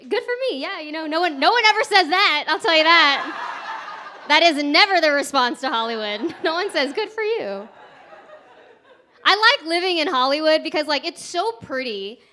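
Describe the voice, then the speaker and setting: A woman's voice: high-pitched, expressive, moderate pace, sharp tone. A woman from Texas performing a stand-up set at a comedy club, chatty and self-mocking, laughing through her punchlines. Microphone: handheld stage mic.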